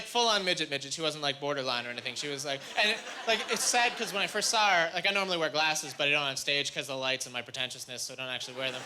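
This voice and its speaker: A man from Canada doing stand-up comedy, rambling through self-deprecating stories with quick asides, recorded live. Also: fairly high pitch, background noise. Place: comedy stage before a live audience. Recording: live club recording with loud crowd.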